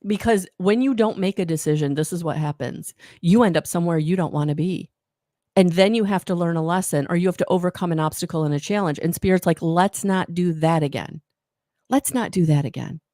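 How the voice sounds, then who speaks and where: A woman's voice: on the low side, quick pace, dark tone, dry recording, clean studio sound. A woman giving a live oracle card reading, rambling and encouraging, often correcting herself mid-sentence. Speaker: intuitive card reader.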